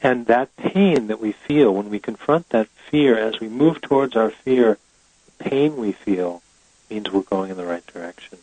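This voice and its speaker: A man's voice: fairly low pitch, expressive, moderate pace, darkish tone, dry recording, rough recording. A middle-aged man, a guest author on a podcast, talking in a reflective, thoughtful way with plenty of fillers. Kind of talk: casual podcast interview.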